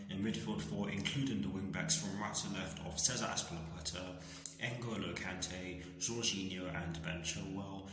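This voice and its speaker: A man giving a live reaction commentary on a football match as a fan, in a steady, measured way that often stops to correct himself. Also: low-pitched. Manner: steady, measured delivery with frequent self-corrections. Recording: very echoey room with long reverb and background noise.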